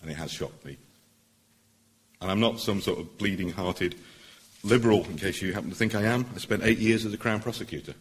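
A middle-aged man, a barrister, giving an earnest, persuasive public speech at a meeting, pausing for emphasis. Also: lowish voice.

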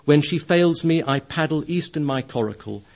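Man reading as noble mouse knight, resolute, plain voice not squeaky. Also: lively intonation, normal speed, gravelly, a little mellow. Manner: stately, resolute. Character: brave small talking mouse knight, noble and determined.

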